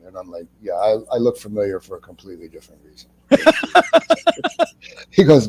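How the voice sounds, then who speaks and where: Man, 60s, from Ohio, mellow warm voice, animated storyteller, interview guest. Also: medium pitch, brisk, husky. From Ohio, United States. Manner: animated storyteller, acts out other people's lines. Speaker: actor, guest.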